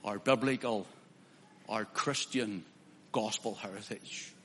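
A man's voice: fairly low pitch, slow, a bit bright, big-room sound, slight background noise. A man preaching a sermon with impassion, building to emphatic declarations.

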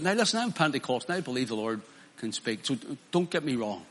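A man's voice: medium pitch, big pitch swings, fast talker, a bit bright. A man preaching a sermon in an emphatic way, acting out quoted voices with mocking asides.

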